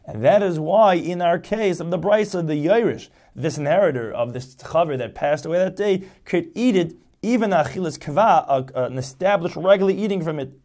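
Male teacher, fairly high voice with a mellow tone, methodical lecture delivery, restates each point. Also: normal speed, few pauses. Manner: explains step by step, rephrasing each point. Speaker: Talmud teacher. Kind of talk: lecture explaining a text.

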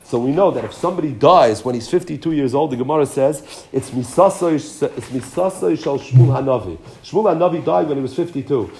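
A man giving a Talmud class, reading each line of the text, then translating it and retelling it with animated emphasis. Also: medium pitch, brisk, vocal fry, slight background noise. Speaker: Talmud teacher.

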